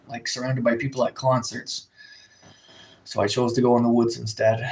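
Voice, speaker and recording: A man's voice: medium pitch, roomy sound. Rambling man livestreaming from home. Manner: rambling, filler-heavy storytelling, reads chat aloud. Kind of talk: casual livestream chat. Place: indoors at home, in a room with a window. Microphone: phone.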